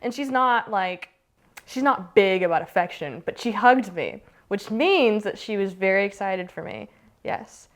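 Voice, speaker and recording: In a documentary interview, a young American woman who plays youth soccer recounts her story, chatty and full of fillers. Her voice is mid-range and a little slow.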